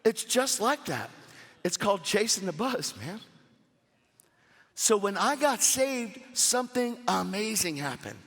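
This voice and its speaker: A man preaching a sermon at a church service, animated and casual, with slangy asides to the crowd. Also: high voice, a little slow, breathy edge, big-room sound.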